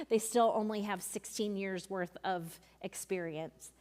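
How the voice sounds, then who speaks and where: A woman's voice: medium pitch, takes it slowly, a little mellow. Chatty youth leader woman in a reverberant hall. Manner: chatty, frequent ums and asides. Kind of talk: workshop talk with personal stories. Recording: long reverb of a large room.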